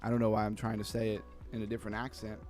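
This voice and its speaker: A man hosting a casual crypto livestream, chatting loosely, reading out chat messages and trailing off into low mumbles. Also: completely flat delivery, very fast, a little mellow, soft background music. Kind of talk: casual live-stream chat.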